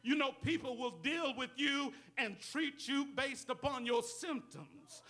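A male pastor delivers an unhurried sermon in call-and-response style, dropping amens and posing rhetorical questions to the congregation. His voice is strikingly high and bright, with a forceful ring.

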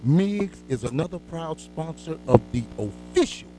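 A man's voice: on the high side, expressive, measured pace, warm tone, faint music behind. Man reading short sponsor tags. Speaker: station sponsor announcer.

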